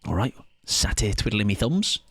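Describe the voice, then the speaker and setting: A young man streaming a game, chatting loudly and energetically with his viewers and laughing often. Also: lowish voice, very animated, moderate pace, a little hiss or hum. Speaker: livestreamer. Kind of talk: casual gaming livestream chat.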